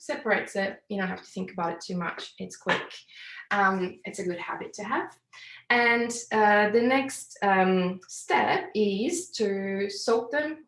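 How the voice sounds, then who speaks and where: A woman's voice: mid-range voice, creaky. A woman with an Italian accent giving a live cooking class, explaining each step in a chatty, slightly apologetic way from her kitchen. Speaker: cooking demonstrator. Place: home kitchen. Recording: roomy echoey kitchen.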